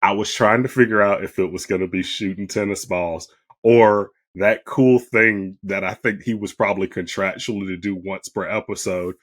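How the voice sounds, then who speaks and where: A man's voice: on the low side, steady tone, normal speed. A man co-hosting a podcast, joking in casual chat and laughing often. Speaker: podcast co-host.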